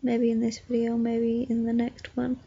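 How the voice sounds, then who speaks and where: A drowsy young woman rambles through a casual vlog from her bed, still yawning. Her voice is gravelly and a little husky, mellow in tone, with a flat, unhurried lilt. The recording sounds dull and lo-fi. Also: a little high. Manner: drowsy, meandering, soft-spoken. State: sleepy, yawning. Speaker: vlogger. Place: bedroom, lying in bed.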